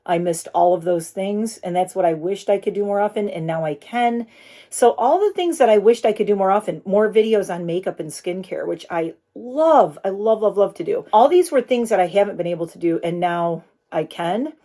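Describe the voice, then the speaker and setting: A woman's voice: medium pitch, lively intonation, normal speed, mellow. A middle-aged woman vlogging from her home studio office, chatting earnestly to her phone camera and turning tender at times. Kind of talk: casual chat to camera.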